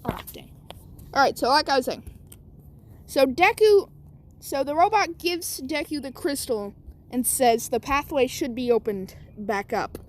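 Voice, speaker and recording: A woman's voice: high voice, measured pace. A woman telling her own fan story casually, rambling and correcting herself as she goes.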